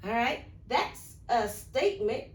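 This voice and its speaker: A woman's voice: on the high side, very animated, takes it slowly. An American woman teaching English grammar in a recorded video lesson, patient, asking questions and answering them herself. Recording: echoey room, faint background hiss.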